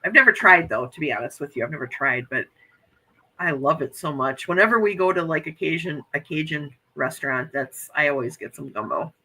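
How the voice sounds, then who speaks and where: Very bright-voiced effusive woman in her fifties. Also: low-pitched, animated, fairly quick, slightly rough, poor audio. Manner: effusive, gushing exclamations. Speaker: livestream host. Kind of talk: casual morning chat reading viewer comments.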